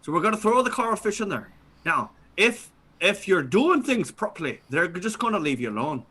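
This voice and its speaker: A man doing improv comedy, playing a scuba instructor and then hosting the next game in a playful, animated way. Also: sits high, moderate pace, slightly rough. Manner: playful, animated, drifts into accents. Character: male scuba instructor at a fish and flower shop. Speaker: improv performer and host.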